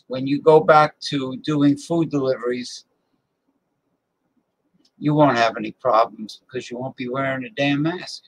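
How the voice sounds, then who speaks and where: A man's voice: medium pitch, poor audio. A male host in a casual chat who rambles while giving advice.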